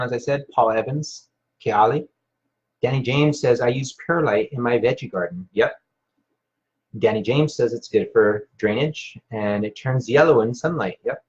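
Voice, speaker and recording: A man hosting a live stream, casually rambling with many fillers and restarts while reading viewer comments. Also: medium pitch. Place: Hawaii. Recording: dull lo-fi sound.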